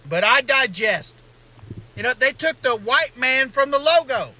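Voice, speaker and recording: A man's voice: very high voice, expressive, a little slow, sharp tone, exaggerated voice, rough recording. A comedian playing an indignant Southern man ranting about his favorite restaurant, in a folksy Southern drawl. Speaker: comedian in a satirical clip.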